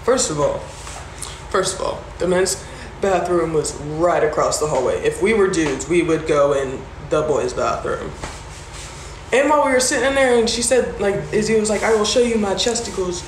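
A woman's voice: fairly low pitch, moderate pace. A woman on a phone livestream, casually telling a story, acting out the voices of the people in it and swearing freely. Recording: roomy with background noise.

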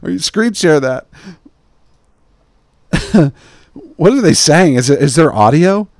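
Animated, rambling male podcast host. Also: fairly high pitch, slow, no echo, clean studio sound. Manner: rambling, joking, filler-heavy. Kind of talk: casual chat.

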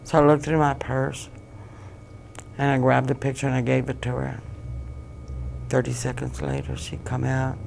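A woman giving emotional personal testimony as an interview guest, halting and repeating phrases as she relives what happened. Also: rumbling low, vocal fry, darkish tone, a little hiss or hum. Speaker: guest, bereaved mother.

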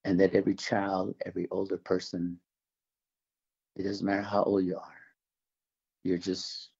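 A man from the Navajo Nation, older, giving an earnest religious testimony in an interview, halting and restarting his words. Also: low voice, monotone, a little mellow, highs cut off. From Navajo Nation, American Southwest. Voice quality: gravelly, husky. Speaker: interview guest.

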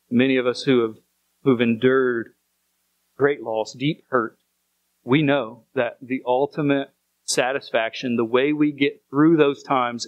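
A man's voice: mid-range voice, no echo, poor audio. A man preaching a sermon as pastor, speaking earnestly and repeating phrases for emphasis.

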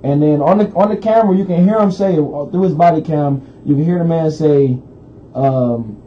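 A man's voice: a little high, moderate pace. A man co-hosting a radio talk show, recounting a news story in loose, rambling casual chat with lots of fillers. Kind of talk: casual current-events chat. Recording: dull lo-fi radio recording, faint hiss.

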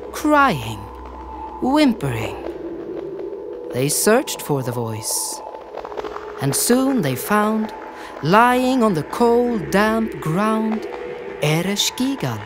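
A woman telling a myth in slow, dramatic, rhythmic phrases. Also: medium pitch. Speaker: storyteller. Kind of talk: mythic storytelling over music. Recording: storytelling over clear music.

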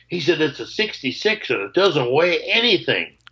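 A man's voice: fairly high pitch, sing-song, moderate pace, sharp tone, muffled recording. A man, a guitarist, telling candid stories on a call. He acts out both sides of old conversations and swears freely. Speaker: guitarist guest.

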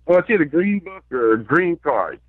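This is a man with a high voice who tells stories in an excitable, swearing rush. His pitch leaps up and down constantly. The sound is tinny and dry, like a call taken over a phone line. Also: moderate pace, no echo. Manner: animated, excitable, profane storyteller. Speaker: filmmaker guest. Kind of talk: phone interview.

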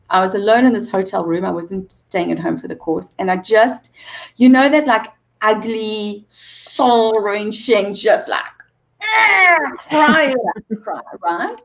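A woman's voice: mid-range voice, very animated, unhurried, lo-fi sound. A woman in her forties, a movement coach and interview guest, telling an emotional personal story with earnest repeated phrases and bits of laughter.

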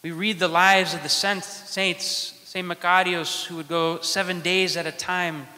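Priest guy giving a sermon, slow and measured, bright voice, long echo from the church. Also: high-pitched, little pitch movement. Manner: slow, measured preaching with dramatic pauses.

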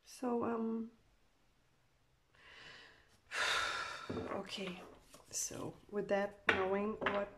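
A woman's voice: mid-range voice, flat delivery, very slow, long pauses, bright, forceful tone. A woman giving a channeled tarot love reading. She rambles with many fillers and speaks emotively for the people she reads about. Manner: rambling, full of "you know" fillers; emotive, voices what the couple feel. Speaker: tarot card reader.

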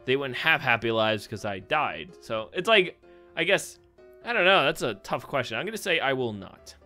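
Faint background music accompanies a young man's casual commentary on a quiz game. This gaming YouTuber rambles, thinks aloud, and laughs a lot in a mid-range, sing-song voice that is bright and forceful at a normal pace.

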